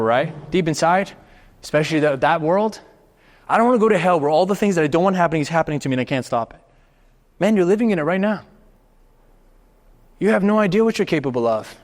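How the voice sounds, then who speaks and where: A man giving a live motivational talk to an audience, animated and expressive, firing off rhetorical questions with the occasional swear word. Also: a little high. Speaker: motivational speaker. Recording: reverberant hall.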